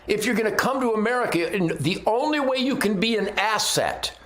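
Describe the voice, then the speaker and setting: A man's voice: high-pitched, lively intonation, a little fast, fairly bright tone. A man giving a brash, combative, boastful opinion rant as host of his own commentary segment. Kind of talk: ranting opinion monologue. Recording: roomy echo.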